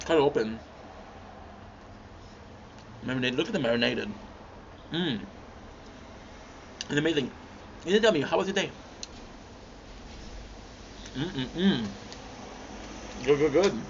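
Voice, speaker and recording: Speaking slowly with long pauses in a fairly high voice, a young man hosts a livestream and makes casual conversation with viewers over a meal. He's relaxed and chatty, stopping to chew and hum between bites, and the lo-fi stream sound is dull with a faint hum underneath.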